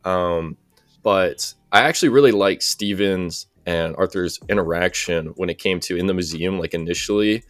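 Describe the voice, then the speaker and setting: Low-voiced man in dry casual chat. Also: normal speed, no room sound. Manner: relaxed, rambling, gets animated when amused. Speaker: podcast co-host.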